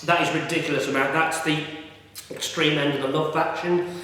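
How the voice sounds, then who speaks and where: A man's voice: fairly high pitch, steady tone, brisk, pushed and bright. A middle-aged man rambling casually with many fillers and restarts, reviewing food in a vlog. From United Kingdom. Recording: echoey room with long reverb.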